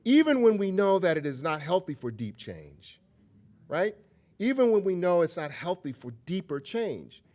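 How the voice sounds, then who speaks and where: A man's voice: sits high, very animated, normal speed, darkish tone. A man giving a public lecture, telling stories and talking directly to the audience in a conversational way. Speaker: guest lecturer.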